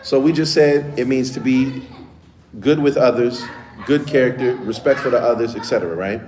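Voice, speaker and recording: A man's voice: mid-range voice, normal speed, background noise. Male teacher talking casually to kids. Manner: conversational, checks in with the class often. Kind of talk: casual lesson to children. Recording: echoey room with faint ambience.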